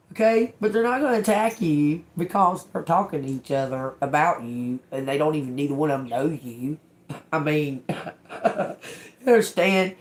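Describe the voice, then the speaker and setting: A woman's voice: deep voice, a little mellow. A woman giving a casual live tarot reading. She talks bluntly, swears often, laughs between phrases and keeps checking whether her listeners understand. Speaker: tarot reader.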